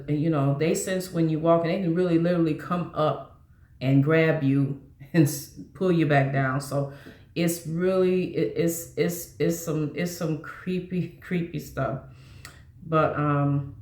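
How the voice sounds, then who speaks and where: A woman's voice: low voice, a little mellow. Rambling woman in a roomy echo. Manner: rambling, with frequent restarts and fillers. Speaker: movie vlogger. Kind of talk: casual movie chat.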